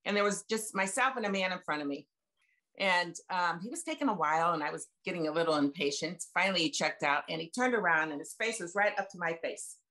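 This seventy-something woman speaks fast and expressively in a lowish, sharp-toned voice. As a guest on a video call, she tells her faith testimony in a chatty, homespun manner, emphatically retelling past conversations.

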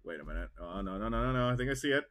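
A young man giving excitable, jokey live commentary while streaming a game. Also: mid-range voice, very fast, slight background noise.

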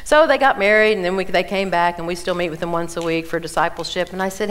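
A woman in her sixties teaching the Bible at a women's conference, telling stories with animated delivery and acting out the people she quotes. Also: on the low side, fast talker, hardly any pauses. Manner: animated storytelling, acts out quoted voices.

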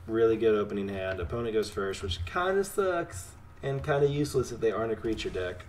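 Low-voiced man muttering over a card game. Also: brisk, hardly any pauses. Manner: talks to opponent, swings between excited and muttering. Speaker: streamer playing a card game. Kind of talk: casual gameplay commentary.

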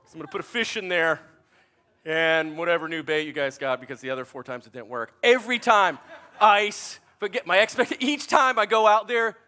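A man's voice: high-pitched, expressive, brisk, pushed and bright. A man, preaching a sermon in a chatty, self-deprecating storytelling way. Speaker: pastor.

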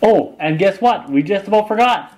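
A man's voice: high-pitched, animated, normal speed, a little mellow, soft background music. A man co-hosting a food channel, chatting casually and upbeat, often chiming in to finish his partner's lines. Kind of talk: casual chat.

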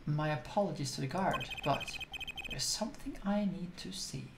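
A woman's voice: deep voice, normal speed, gravelly, very noisy. Woman voicing a weary, earnest male lawyer. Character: weary, earnest male defense attorney in his thirties. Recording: roomy with game music behind.

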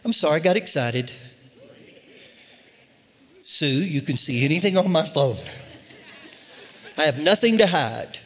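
A man's voice: fairly high pitch, animated, a little slow, long pauses. An older male pastor preaching a sermon with impassioned, emphatic delivery and humorous asides. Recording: long reverb of a large hall.

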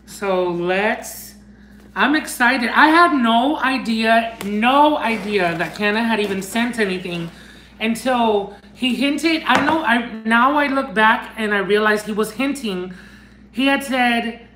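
A man unboxing fan mail in a casual chat, gushing and excitable, bursting into squeals and dropping into Spanish phrases. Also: extremely high pitch, slow pace, a little hiss or hum. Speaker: unboxing vlogger. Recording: echoey room.

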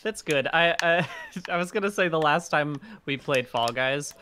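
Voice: mid-range voice, moderate pace, bright, forceful tone, a little hiss or hum. A co-host chatting casually on a charity game stream, rambling with fillers and laughing often. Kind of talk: casual chat.

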